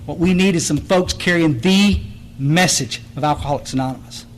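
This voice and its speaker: Blunt man, older, fairly high voice. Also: a little fast, poor audio. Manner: direct, blunt, storytelling with many restarts. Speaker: AA speaker. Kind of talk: recovery meeting talk. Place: recovery meeting room.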